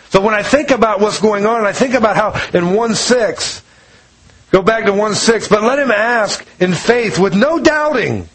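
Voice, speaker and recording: A man's voice: sits high, slightly rough, poor audio. A man preaching a casual, conversational sermon, retelling scripture with homey storytelling and frequent chuckles. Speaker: pastor.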